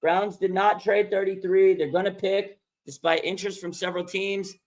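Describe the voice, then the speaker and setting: A man hosting a live sports draft stream, excitable and rambling, repeating himself and laughing as picks come in. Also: high-pitched, moderate pace. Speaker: livestream host. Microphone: streaming microphone.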